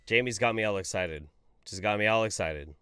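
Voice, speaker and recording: A man's voice: on the low side, brisk, fairly bright tone, smooth, dry recording, studio quality, faint music behind. A man hosting a live stream, reading chat messages aloud in a jokey, casual way and swearing freely.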